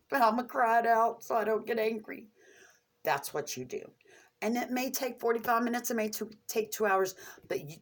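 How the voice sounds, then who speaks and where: A middle-aged woman talking candidly and earnestly to her viewers, openly emotional, in short halting phrases. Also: fairly low pitch, a bit bright. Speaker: vlogger sharing coping skills. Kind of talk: candid personal talk to camera.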